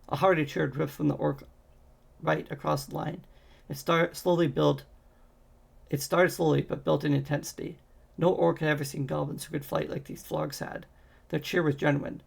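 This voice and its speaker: A man reading a fantasy novel aloud in a steady way, with occasional slips and restarts. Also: on the high side, gravelly, slightly rough. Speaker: audiobook reader.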